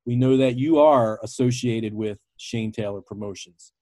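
A male interviewer with a mid-pitched voice asks his questions in a conversational way, pausing on fillers. His voice is close and dry, with no room echo. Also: dark tone.

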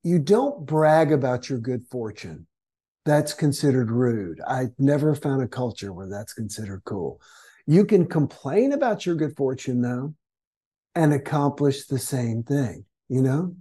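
A man speaks as a guest on a podcast interview. His tone is mellow and warm, at an average pitch. He tells stories and slips into the voices of the people he quotes. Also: expressive, unhurried, breathy edge. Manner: storytelling that acts out quoted complainers. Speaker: guest author.

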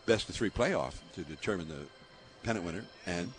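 In an interview full of laughter, an older baseball broadcaster from the San Francisco Bay Area tells lively stories at normal speed in a low voice. He laughs frequently and uses many fillers.

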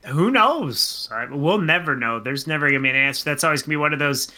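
High, bright-voiced jokey male co-host. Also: expressive. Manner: jokey, riffs and does quick bits. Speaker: radio co-host. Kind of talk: casual radio banter.

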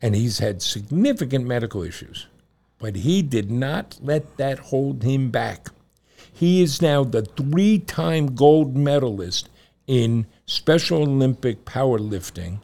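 A middle-aged father co-hosting a casual show, an animated storyteller who laughs often. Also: mid-range voice, a little slow, creaky. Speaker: podcast co-host and father. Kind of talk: casual chat and joke telling.

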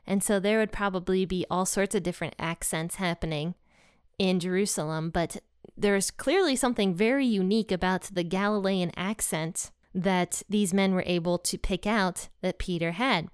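Smooth-voiced woman retelling a Bible story. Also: mid-range voice, moderate pace, dry recording, clean studio sound. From Ohio, USA. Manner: chatty, storytelling with fillers. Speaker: Bible teacher. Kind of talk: casual Bible study talk.

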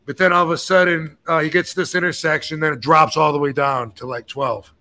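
Lively bright-voiced man telling a story. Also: on the high side, a little fast. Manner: animated, acts out quoted dialogue with cursing. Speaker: podcast host. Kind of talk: casual storytelling.

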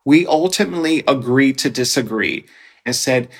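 Man, 40s, candid personal storyteller, mid-pitched, open and expressive. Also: normal speed. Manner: candid, expressive, animated when quoting himself. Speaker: guest storyteller.

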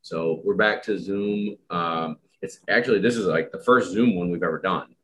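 A man's voice: low voice, normal speed, a bit bright, slight background noise. A man hosting a casual podcast, a dog trainer who chats in a rambling, joking way. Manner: chatty, rambling, self-deprecating joker.

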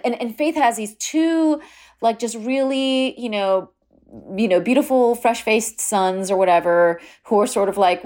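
A woman hosting a podcast, recapping a TV show in casual chat, chatty and quick to laugh, with plenty of fillers. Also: on the high side, a little mellow. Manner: chatty, full of fillers and laughs, mimics quotes. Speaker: podcast host.

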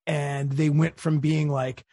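A man hosting a podcast interview. He tells stories in a casual, animated, chatty way. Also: on the high side, slow, no room sound, studio quality. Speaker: podcast host.

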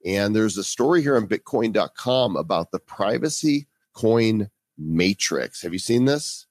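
A man's voice: fairly low pitch, lively intonation, unhurried, no room sound. Emphatic male podcast host. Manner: emphatic, indignant remarks. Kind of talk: casual chat, reading news stories.

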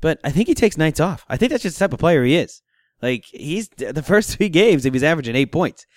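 A man hosting a casual sports talk show, ranting in an animated, incredulous way. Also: on the high side, fairly quick, no room sound, studio quality.

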